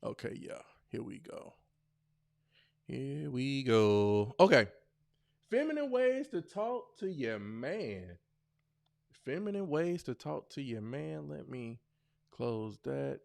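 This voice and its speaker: A man hosting his own podcast speaks in at a slow, unhurried pace. His pitch swings widely as he jokes and reads lines aloud in mock voices. The sound is dry, with no room echo. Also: gravelly. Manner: loose, joking, reads lines off a screen with animated mock voices. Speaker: podcast host. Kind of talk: casual solo podcast chat.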